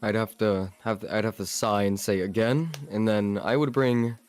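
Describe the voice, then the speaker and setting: A man chatting on a podcast with deadpan, dark humor. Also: fairly low pitch, normal speed, no room sound, faint music behind. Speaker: podcast guest. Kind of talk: casual chat.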